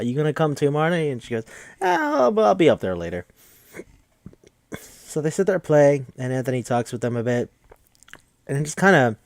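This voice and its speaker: A young man, a podcast host, casually recapping a movie in a rambling way and acting out the lines with big jumps in pitch. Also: darkish tone, no echo, studio quality. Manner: rambling, acts out quotes with shifting pitch.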